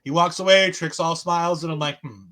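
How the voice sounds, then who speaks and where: A man with a high voice recaps eagerly on a podcast. He tells things like a story and slips into quoting others as he goes. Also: fairly quick. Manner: animated storytelling, acts out quotes. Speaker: podcast co-host. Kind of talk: casual wrestling recap chat.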